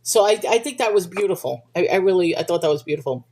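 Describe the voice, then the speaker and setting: A woman's voice: fairly low pitch, expressive, quick pace, darkish tone, husky. A woman hosting a livestream, talking casually about faith and reading viewer comments, chatty and thinking aloud with restarts and little laughs.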